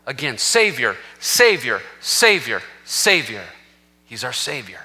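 A man's voice: mid-range voice, big pitch swings, slow, sharp tone. A man preaching a sermon as senior pastor, emphatic and reading scripture aloud with rising force. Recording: reverberant hall.

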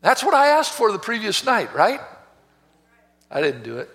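A man preaching a sermon as pastor, telling a story with passion, swinging between hushed and loud. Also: sits high, wildly swooping pitch, normal speed, pauses often. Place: church sanctuary. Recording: reverberant church hall.

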